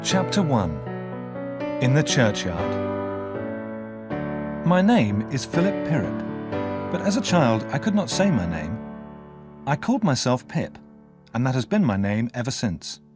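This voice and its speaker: Expressive male audiobook narrator. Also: mid-range voice, over loud music. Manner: expressive storytelling, measured pace. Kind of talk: scripted narration.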